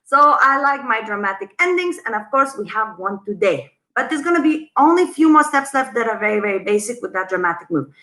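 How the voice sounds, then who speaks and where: Woman, dance instructor, chatty, counts beats aloud, bright voice, echoey room. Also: fairly high pitch, expressive, brisk, hardly any pauses. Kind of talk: live online dance lesson.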